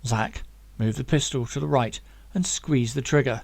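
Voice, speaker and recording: A man reading his own novel aloud in steady, dramatic audiobook narration. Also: mid-range voice, normal speed, gravelly, no echo.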